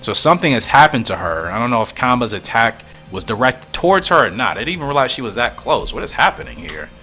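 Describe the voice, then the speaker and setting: A man's voice: medium pitch, sing-song, quick pace, bright, forceful tone, faint music behind. A man giving casual commentary while reading through a comic, musing and thinking aloud, at times confused.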